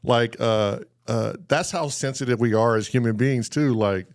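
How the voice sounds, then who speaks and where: A man's voice: mid-range voice, moderate pace, no room sound, studio quality. A man co-hosting a podcast, musing thoughtfully in casual conversation. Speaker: podcast co-host.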